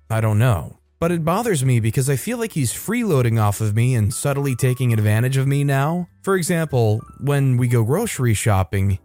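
A man reading online forum posts aloud in a steady, even narration with brief comments of his own. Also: medium pitch. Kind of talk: scripted story narration.

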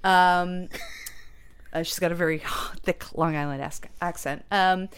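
A woman chatting as a guest about the stage show she created, rambling and animated. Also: fairly low pitch, measured pace, clear, resonant tone. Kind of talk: casual interview chat.

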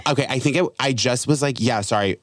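A young man hosting a casual comedy podcast, telling stories in an animated way and acting out the voices of the people in them. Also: mid-range voice, fast, no room sound. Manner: animated storytelling, acts out quoted voices. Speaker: podcast host.

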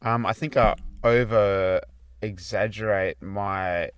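Laid-back man, low voice. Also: steady tone, slow pace, clear, resonant tone. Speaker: podcast co-host. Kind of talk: casual chat.

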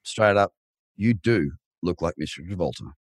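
Joking, animated male podcast host. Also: low-pitched, normal speed, dry recording. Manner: jokey, animated showman patter. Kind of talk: playful podcast interview.

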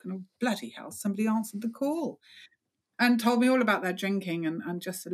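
A woman's voice: medium pitch, lively intonation, fast. A middle-aged woman, talking frankly as an interview guest, wry and self-deprecating. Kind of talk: candid interview talk.

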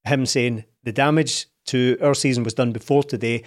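A man's voice: mid-range voice, steady tone, moderate pace. Incredulous Scottish man telling stories. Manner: storytelling, incredulous. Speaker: podcast co-host. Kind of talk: casual chat.

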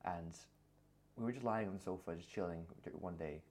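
A man's voice: sits low, a little fast, slight background noise. A young man co-hosting a podcast, telling stories in casual chat with frequent laughter. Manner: laughs often, animated storytelling. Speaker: podcast co-host.

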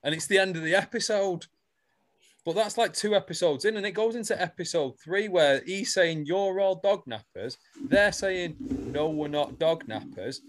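A man with a slightly higher voice than most, telling a story in a loose, animated way. He swears freely and keeps the chat rolling, like a podcast co-host. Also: moderate pace. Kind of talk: casual chat recapping a soap.

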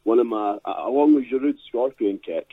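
A man's voice: mid-range voice, animated, fairly quick, breathy edge, dry recording. A man calling into a football show, talking casually and hesitantly about goals. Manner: hesitant, restarts. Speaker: caller. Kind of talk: casual phone-in chat. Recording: tinny phone line.

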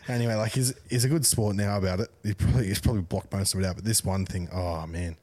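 A man's voice: fairly low pitch, steady tone, quick pace, a little mellow. A young man co-hosting a podcast, telling a laughing, swearing anecdote in casual chat. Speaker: podcast co-host.

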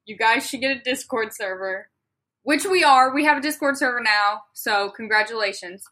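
A young woman co-hosting a podcast from a dorm room, chatting casually with giggles, swearing and deadpan jokes. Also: on the high side, normal speed. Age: young adult. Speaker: podcast co-host. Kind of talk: casual chat. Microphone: laptop.

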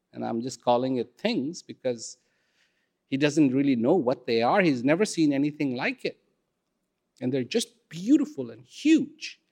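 Slow, expressive male storyteller. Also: mid-range voice. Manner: unhurried, expressive, with dramatic pauses. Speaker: speaker. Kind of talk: storytelling talk.

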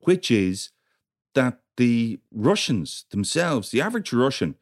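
Male co-host, casual, expressive intonation. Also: medium pitch, slow. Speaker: podcast co-host. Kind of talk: casual chat.

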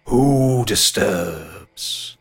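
A man voicing an ancient tree spirit who speaks slowly and solemnly. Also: on the low side, animated, husky, full character voice. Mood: imperious. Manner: very slow, ponderous, solemn.

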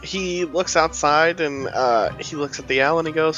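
A man's voice: a little high, normal speed, hardly any pauses, a bit bright, highs cut off, soft background music. A man playing a tabletop game, chatting casually with lots of fillers and easy swearing. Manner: laid-back, swears casually, many fillers. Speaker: player.

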